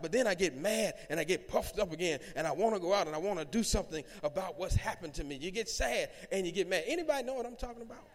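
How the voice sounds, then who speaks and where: A male pastor with a high voice preaches to his congregation. He builds in volume and calls on the people to answer back. His voice rings with the long reverb of a church sanctuary. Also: lively intonation, fast talker, hardly any pauses. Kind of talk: sermon.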